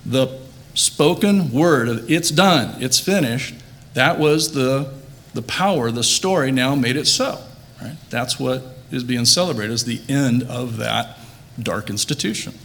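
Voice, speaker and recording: A man's voice: mid-range voice, lively intonation, measured pace, fairly bright tone. Earnest man preaching a sermon. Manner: earnest, builds emphasis on quoted words, restarts phrases. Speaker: pastor. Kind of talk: quiet closing prayer.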